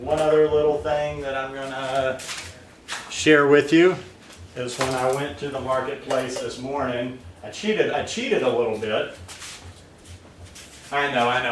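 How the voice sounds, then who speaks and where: A man's voice: mid-range voice, roomy sound, recorded from a distance, slight background noise, poor audio. Man, casual rambling vlog chat, set back from the mic, faint room ambience. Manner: rambling, relaxed, full of fillers. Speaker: vlogger making smoothies. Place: his home in the tropics.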